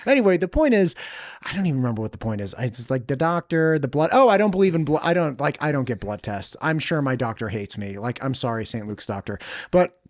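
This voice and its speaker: Man, podcast host, casual storytelling, very animated pitch, dry close mic. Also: fast talker, no echo. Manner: animated storyteller, says "like" a lot. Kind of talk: casual chat.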